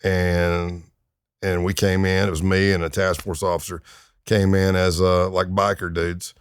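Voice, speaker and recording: A man in his fifties with a low, level, clean-toned voice speaks unhurriedly as a guest on a podcast interview. A retired undercover agent, he tells anecdotes in a laid-back, wry way.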